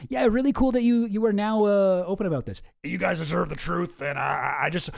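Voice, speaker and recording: A man's voice: a little high, fairly even intonation, a little fast, vocal fry, sharp tone, breathy edge, heavily acted. A man doing a sarcastic impression of a blustering talk-show host making a fake, rambling confession. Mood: mock-sincere. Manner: mock-sincere, sarcastic, rambling.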